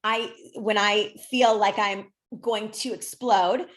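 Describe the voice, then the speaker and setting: A woman's voice: mid-range voice, fairly even intonation, slow. A woman dating coach chatting on a podcast, talking freely with many fillers. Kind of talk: casual podcast chat.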